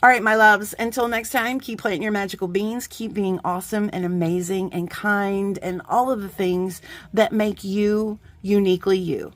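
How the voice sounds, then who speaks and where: A woman's voice: medium pitch, steady tone, normal speed, no echo. Chatty, effusive woman unboxing craft supplies. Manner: chatty and effusive, laughs often, trails off mid-sentence. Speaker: crafting vlogger. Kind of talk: casual unboxing chat.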